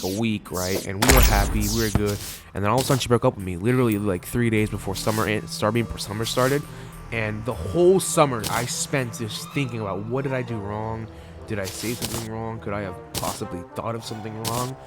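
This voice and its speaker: A man's voice: fairly low pitch, a little fast. A young man telling a rambling, swear-filled personal story while playing a video game. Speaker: gaming channel host. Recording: loud background music.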